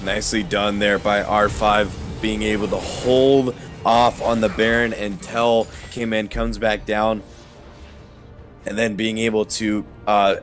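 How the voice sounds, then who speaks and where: A man giving steady, measured analysis as an esports color commentator, somewhat hoarse from losing his voice. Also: on the low side.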